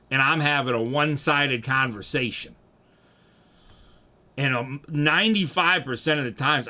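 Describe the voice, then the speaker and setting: A man's voice: mid-range voice, pushed and bright. A young man, rambling and joking profanely as he chats with his livestream audience. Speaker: streamer. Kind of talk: casual livestream chat.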